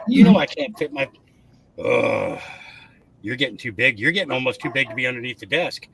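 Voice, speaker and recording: A man's voice: mid-range voice, lively intonation, fairly quick, creaky, rough recording. A man on a casual livestream chat who coos and baby-talks to his dog. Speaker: livestream guest.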